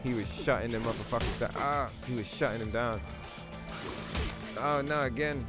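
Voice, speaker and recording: A man's voice: mid-range voice, fast talker. A young man hosting a gaming livestream, chatting casually in a loose, rambling, profane way full of fillers. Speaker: livestream host. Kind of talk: casual gaming stream chat. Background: game music.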